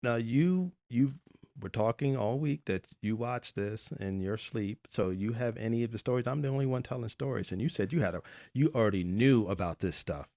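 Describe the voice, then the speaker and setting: A man's voice: medium pitch, moderate pace, mellow, no echo. A male podcast host in casual chat, a rambling storyteller who jokes bluntly.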